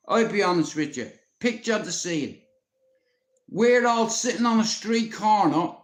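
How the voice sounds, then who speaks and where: High-voiced Dublin man telling stories. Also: reverberant. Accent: Dublin Irish. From Ireland. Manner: profane, blunt, talks directly to viewers. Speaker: livestream host. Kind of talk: rambling storytelling to a live audience.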